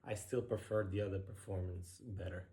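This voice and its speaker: A man's voice: sits low, level tone, brisk, gravelly, warm tone. A middle-aged man, a professional ballroom dancer, giving blunt, sarcastic casual commentary while reacting to a dance show.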